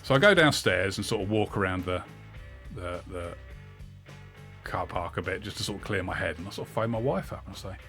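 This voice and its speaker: Game music runs under a middle-aged man who, while streaming, tells a rambling story full of fillers and profanity in a casual way. He speaks in a low-pitched voice at a fairly quick pace.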